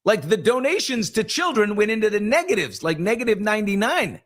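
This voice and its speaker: A man's voice: high-pitched, big pitch swings, brisk, a bit bright. A man hosting a casual morning chat show, gossiping about celebrities in a chatty, loose way. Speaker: host.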